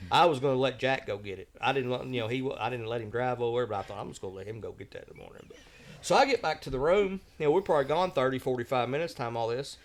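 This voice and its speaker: A man's voice: medium pitch, animated, fast talker. A man telling a travel story on a podcast in a folksy, drawling way, acting out the voices he quotes. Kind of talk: casual storytelling.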